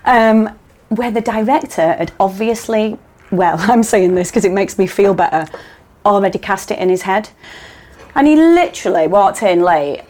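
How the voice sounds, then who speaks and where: A woman's voice: mid-range voice, moderate pace. A woman actor, chatting as a podcast guest and acting out her own anxious inner voice as she tells stories. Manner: animated storyteller, restarts and acts out her inner voice. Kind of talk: casual interview chat.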